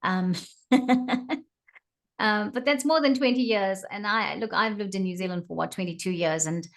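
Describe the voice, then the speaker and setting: A woman's voice: medium pitch, normal speed, a bit bright. A woman host from South Africa with a South African accent, chatting casually with a guest, laughing often and restarting her sentences. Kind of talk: casual conversational interview.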